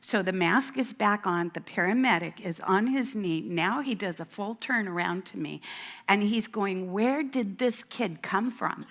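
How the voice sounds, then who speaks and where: A woman speaking at a church event, telling a story from her years as a school administrator. Her voice sits in a middle pitch, and she acts out the people in the story, putting on a small child's voice. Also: normal speed, a bit bright. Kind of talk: storytelling talk at a women's event. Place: church hall.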